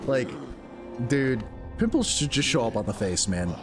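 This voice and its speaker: A man's voice: huge pitch swings, measured pace, over music. A young man streaming a video game, rambling casually with lots of filler words and frequent laughs. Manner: jumps into high squeaky voices when quoting others. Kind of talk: casual gameplay commentary.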